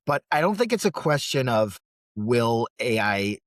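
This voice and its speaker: A man co-hosting a podcast, explaining points in a measured, lecturing way. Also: mid-range voice, very animated, no room sound, clean studio sound. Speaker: podcast co-host. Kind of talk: casual podcast discussion.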